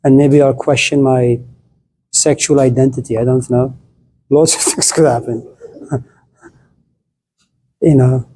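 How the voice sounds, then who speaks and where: A man's voice: medium pitch, steady tone, measured pace, long pauses, dark tone, slight background noise. A middle-aged man lecturing to a class, playful and acting out little scenes as he talks.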